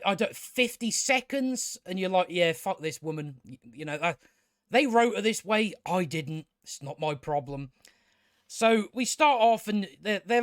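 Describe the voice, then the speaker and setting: High-voiced, exasperated man ranting. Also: a bit bright, dry recording, clean studio sound. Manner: exasperated, sweary, repeats himself. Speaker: TV review vlogger. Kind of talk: casual ranting review.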